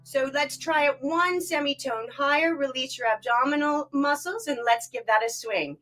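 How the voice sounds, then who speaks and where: A woman vocal coach leads a live online warm-up class, talking through exercises and demonstrating bored, whiny sounds and sung scales. Her voice is high-pitched, her pace moderate, and soft music plays in the background.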